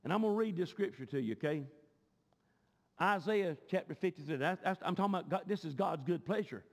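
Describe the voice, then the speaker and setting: A man preaching a sermon, often shouting with a rising cadence. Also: high-pitched, expressive, fairly quick. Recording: long hall reverb.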